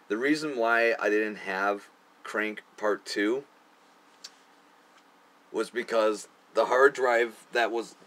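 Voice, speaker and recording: In a low, slightly bright voice, a young man reflects casually on the amateur film he made, peppering his remarks with profanity and crude humor and frequently laughing at himself.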